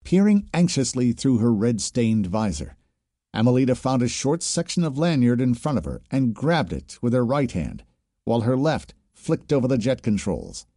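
A man narrating a science fiction audiobook with a measured, even reading. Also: medium pitch, dry recording, clean studio sound.

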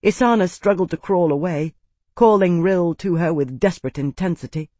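A man's voice: high-pitched, moderate pace, dark tone, no room sound. A man narrating a fantasy novel as an audiobook, reading steadily and dramatically.

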